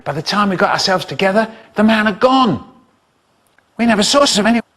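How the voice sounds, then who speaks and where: A man tells a children's story in a lively, expressive way, adding spoken sound effects, while a chopped-up comedy remix makes him stutter and repeat. His voice sits high and moves fairly quickly.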